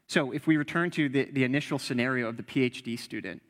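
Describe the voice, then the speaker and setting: A man's voice: mid-range voice, fast talker, fairly bright tone, big-room sound. A young man preaching an earnest, conversational sermon and quoting scripture.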